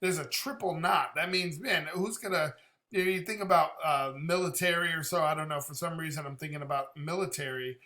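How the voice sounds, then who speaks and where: Bright-voiced man casually breaking down lyrics. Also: a little high, a little fast. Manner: thinks aloud, laughs often, swears casually. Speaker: reaction video host. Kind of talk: casual song reaction commentary.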